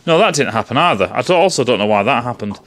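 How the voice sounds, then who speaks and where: A man's voice: medium pitch, animated, quick pace, a bit bright. A man ranting sarcastically and profanely in a casual film review.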